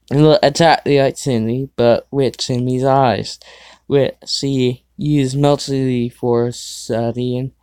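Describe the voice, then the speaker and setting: A man's voice: medium pitch, darkish tone, smooth, dry recording, clean studio sound. A man hosting his own show, casually reading fan fiction aloud, stumbling over the text and breaking off for sarcastic asides. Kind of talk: casual dramatic reading with commentary.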